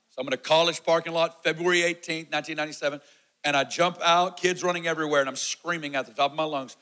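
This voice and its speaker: A man in his forties preaching a sermon testimony, telling his story with animated energy and acting out the shouts and quotes. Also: fairly high pitch, fast talker, low-quality recording.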